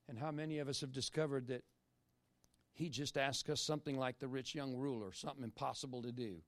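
A man's voice: mid-range voice, fairly even intonation, brisk, no echo. Dynamic preacher, man with a dry close sound. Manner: dynamic, swings from emphatic bursts to hushed whispered prayer; rhetorical questions and repetition. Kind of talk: sermon.

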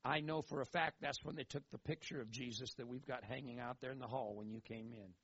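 A man preaching a sermon in an animated way, repeating phrases for emphasis, on a dull lo-fi recording. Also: medium pitch, brisk, husky, no echo. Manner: animated, acts out quoted voices, emphatic repetition.

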